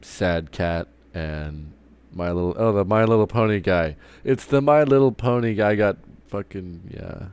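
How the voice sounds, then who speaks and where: Somewhat low, mellow, and smooth, this man speaks a little slowly with hardly any pauses. He rants casually while streaming, dropping frequent swears, rambling, and tripping into restarts.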